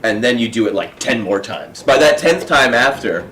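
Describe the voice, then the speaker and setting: A man's voice: medium pitch, expressive, moderate pace, pushed and bright, slight background noise. A man hosting a comedy podcast, telling a funny story in casual chat and laughing often as he goes. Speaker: podcast host.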